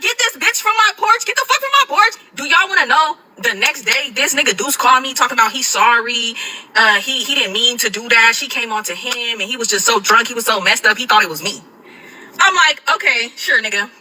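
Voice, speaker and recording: A young woman telling a dramatic storytime to viewers, animated and swearing often. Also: fairly high pitch, brisk, low-quality recording. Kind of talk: casual storytime to camera.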